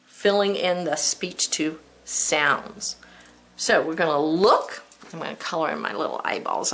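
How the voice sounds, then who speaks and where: A woman's voice: mid-range voice, a bit bright. A woman teacher giving a recorded spelling lesson to children, patient and encouraging, stretching out the sounds of words.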